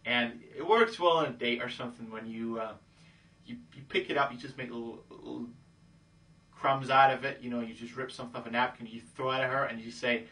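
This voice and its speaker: A man's voice: mid-range voice, a little fast, pushed and bright, far from the mic. A man giving casual dating advice who keeps checking in with "okay?". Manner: breezy, acts out pickup lines in quoted voices, says "okay?" a lot. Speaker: dating coach. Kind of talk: casual instructional talk.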